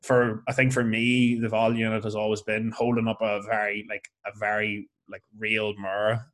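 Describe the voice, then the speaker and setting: A man with a Lurgan accent from Northern Ireland hosting a casual podcast conversation, talking in a blunt, candid and animated way. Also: lowish voice, moderate pace. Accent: Northern Irish, Lurgan. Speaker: podcast host.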